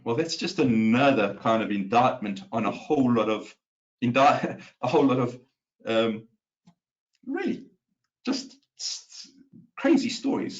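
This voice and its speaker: On a muffled recording, a medium-pitched man hosts live market commentary from his home office. He's a market analyst who talks casually, full of fillers and restarts, and keeps putting questions to his viewers.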